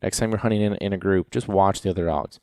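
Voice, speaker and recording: Male podcast host and dog trainer, deep low voice, rambling storyteller, dry close sound. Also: fairly even intonation, fast talker, a little mellow, no echo. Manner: rambling, storytelling with many restarts and fillers. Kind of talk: casual podcast talk.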